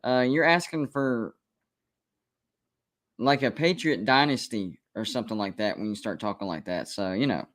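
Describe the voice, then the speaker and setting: A man's voice: on the low side, normal speed, fairly bright tone. Emphatic man hosting a live sports stream. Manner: emphatic and repetitive, defending his takes. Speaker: college football show host.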